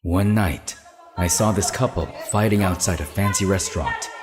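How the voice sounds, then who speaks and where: An actor playing a blunt, sarcastic young man in an animated story, teasing dryly and turning quietly reflective when he speaks of his past. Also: deep voice, moderate pace, over music, natural voice.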